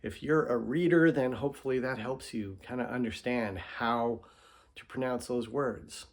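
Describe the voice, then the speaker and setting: A man teaching a pronunciation spelling method in a relaxed, explanatory way, with fillers and asides. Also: medium pitch, moderate pace. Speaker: instructor. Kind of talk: casual screen-recorded lesson.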